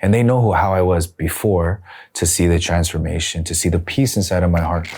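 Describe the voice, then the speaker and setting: A middle-aged man from Los Angeles, a prison minister, telling his life story in an interview in a soft-spoken, reflective way, acting out the conversations he recalls. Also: sits low, fairly even intonation, fairly quick, a little hiss or hum. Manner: soft-spoken, reflective, retells scenes with quoted dialogue.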